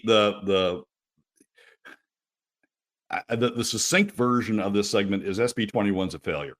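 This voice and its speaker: A man's voice: deep voice, a bit bright. A man speaking as a regular guest commentator on a radio talk show, emphatic and exasperated, often restarting his sentences.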